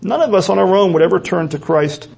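A man's voice: sits high, expressive, fast talker, creaky, a little mellow, slightly rough. A man preaching a sermon in an earnest, emphatic way, often repeating key words for stress. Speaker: pastor.

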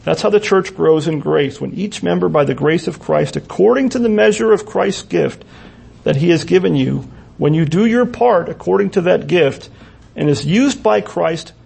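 A man preaching a sermon as pastor, earnest, with pauses and repeated phrases. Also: a little high, animated, vocal fry, darkish tone, breathy edge.

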